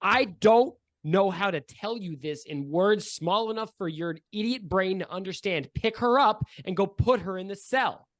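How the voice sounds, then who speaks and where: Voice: mid-range voice, normal speed, few pauses, fairly bright tone, no room sound, clean studio sound, lightly acted. A game master playing an impatient crime boss who belittles an underling. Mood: irritated. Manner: curt, condescending. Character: irritable gang boss, insulting and impatient.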